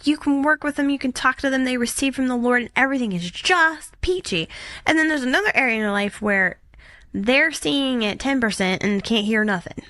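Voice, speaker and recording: A woman co-hosting a faith podcast in casual chat, animated and acting out quotes as she talks. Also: high voice, a little fast, no room sound. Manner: animated, acts out quotes in voices. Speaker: podcast co-host.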